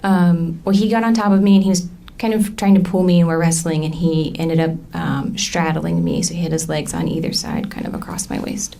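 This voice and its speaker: A woman in her thirties testifying in a courtroom, halting and full of ums as she recounts what happened. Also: lowish voice, steady tone, creaky, mellow. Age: 30s. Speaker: trial witness.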